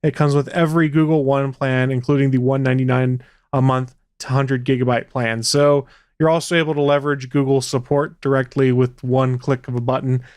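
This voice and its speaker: A man's voice: mid-range voice, level tone, a little fast, darkish tone, smooth, no echo. A man co-hosting a podcast, talking casually with wry, dry humor. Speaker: podcast co-host. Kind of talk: casual chat.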